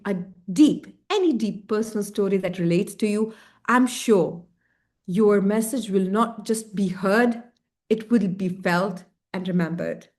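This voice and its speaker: A woman evaluating a club speech over a video call, in measured and encouraging tones. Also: mid-range voice, a little mellow. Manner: measured, deliberate, encouraging feedback with rhetorical emphasis.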